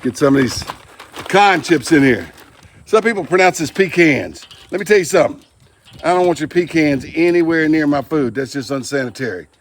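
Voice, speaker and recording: A man's voice: fairly high pitch, animated, a little fast, a little hiss or hum. Folksy man at the grill. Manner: folksy, joking asides while working the grill. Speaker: barbecue channel host. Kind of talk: casual cooking demonstration. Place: outdoors at a kettle grill.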